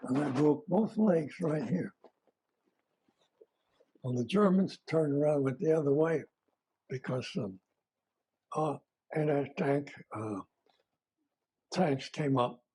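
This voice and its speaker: An older retired army veteran man recalling his service in a plain-spoken, halting way, with fillers and self-corrections. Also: on the high side, mellow, breathy edge. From United States. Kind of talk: oral history recollection.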